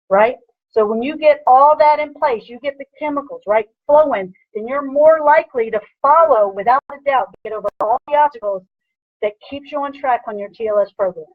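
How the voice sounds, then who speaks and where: A woman personal trainer giving an energetic motivational lecture, punchy and repetitive, with a husky voice. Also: a little high, no echo, narrow, tinny audio. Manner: energetic, punchy, repeats "bam" and "right?".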